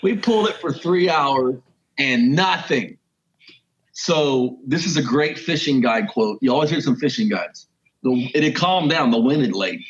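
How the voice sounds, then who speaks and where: A man, a wildlife photographer and journalist, telling a story as a podcast guest in a lively, animated way. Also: unhurried, muffled recording. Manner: animated, with sudden jumps in pitch and pace. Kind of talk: casual storytelling.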